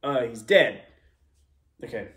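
A man hosting a reaction video, talking in a loose, rambling way, sarcastic and quick to swear. His voice sits at an ordinary middle pitch. The room around him is echoey and reverberant. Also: lively intonation, slight background noise. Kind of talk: casual reaction commentary.

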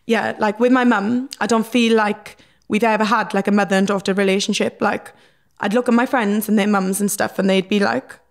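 Young Welsh woman, reality-TV guest, gravelly voice, raw and emotional, lots of "like". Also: medium pitch, fairly even intonation, moderate pace. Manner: emotional, swears freely, many fillers. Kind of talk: candid podcast interview.

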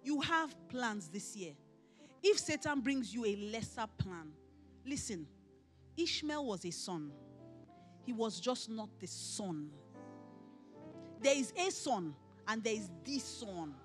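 A middle-aged Nigerian woman pastor delivers a conference sermon in a high, animated voice. She preaches with emphasis and often rises to a shout. Faint music plays underneath. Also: takes it slowly, pauses often. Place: conference hall.

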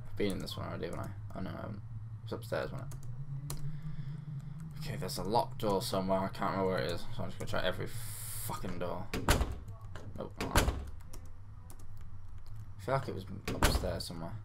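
A man's voice: low-pitched, steady tone, fairly quick, gravelly, long pauses, heavy background noise. A man giving casual, sweary, muttering gameplay commentary. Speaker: let's player.

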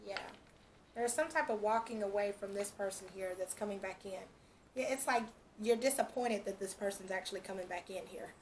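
A woman's voice: mid-range voice, a little hiss or hum. A woman doing a casual tarot reading, chatty, breaking into frequent laughs. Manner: chatty, laughs often, quotes imagined speech. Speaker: tarot reader.

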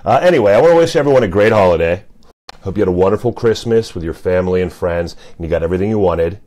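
A man with a lowish, mellow voice gives a motivational talk straight to camera. He talks in a loose, conversational way, leaning on "you know" and "uh" as he works through his points. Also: animated, fast talker. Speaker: motivational speaker.

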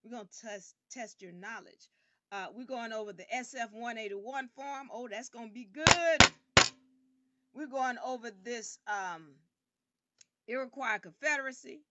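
A woman hosting an online game show livestream. She talks emphatically and sometimes bursts out loudly. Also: fairly high pitch, measured pace, dull audio, background noise. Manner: animated and emphatic, bursts into loud outbursts. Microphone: camera rig.

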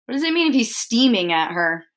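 A woman teacher reading a picture book aloud to children, expressive and stopping to ask them questions. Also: a little high, fairly quick.

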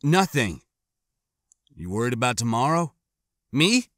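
A man voicing an anxious thirteen-year-old boy prisoner, tense and defiant, with his voice pitched up. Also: big pitch swings, measured pace, sharp tone, no echo, clean studio sound. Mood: defensive.

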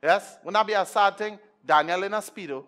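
A Trinidadian man preaching with a high, bright, ringing voice. He drops to near-whispers, then bursts into shouts, and mixes Scripture with jokes to the congregation. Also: brisk. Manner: energetic, swings from hushed to shouting, joking with the crowd. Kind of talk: sermon.

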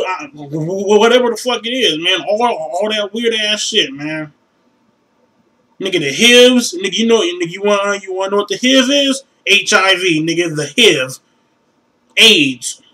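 A young man with a high, bright, ringing voice rants straight into the camera. He is loud, crude and animated, and often breaks into a shrill mocking falsetto. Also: far from the mic, rough recording. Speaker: vlogger. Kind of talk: profane casual rant to camera.

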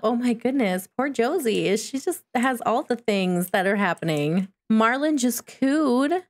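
A young woman chatting through her gameplay as a channel host, exclaiming often. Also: fairly high pitch. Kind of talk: gameplay commentary.

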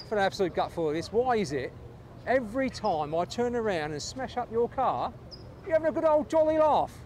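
A man's voice: sits high, very animated, a little fast, darkish tone, a little hiss or hum, pitched above the performer's own voice. Role: a man playing an exasperated cop. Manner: gruff, fed-up ranting. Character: exasperated male police officer.

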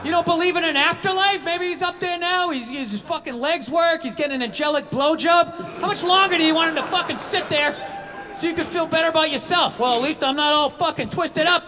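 A man's voice: very high voice, brisk, hardly any pauses, music in the background. A man doing a profane, sarcastic stand-up rant on stage before a live audience. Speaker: stand-up comedian. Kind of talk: stand-up routine. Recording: live set with loud crowd and noise.

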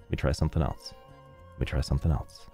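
A man's voice: a bass voice, fast, gravelly, warm tone. A man streaming a game, chatting casually and self-mockingly as he fights technical trouble. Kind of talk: casual live-stream chat. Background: faint game music.

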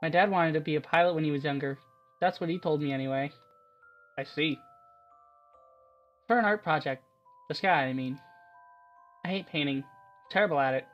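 A man voicing a shy, clever teenage schoolgirl in a soft, quiet reading of her lines for a visual novel game. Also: on the high side, normal speed, long pauses, lo-fi sound, soft background music, natural voice. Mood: wistful.

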